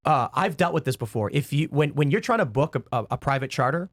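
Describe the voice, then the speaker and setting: Fast-talking man telling a story. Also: mid-range voice, dry recording, clean studio sound. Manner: animated storytelling with quick asides. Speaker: podcast guest. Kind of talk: casual podcast chat.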